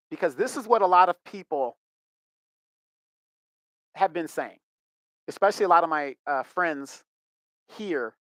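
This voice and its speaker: A man's voice: fairly high pitch, fairly bright tone, no echo. A middle-aged man giving emphatic, indignant commentary as a vlogger, often repeating himself. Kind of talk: ranting commentary.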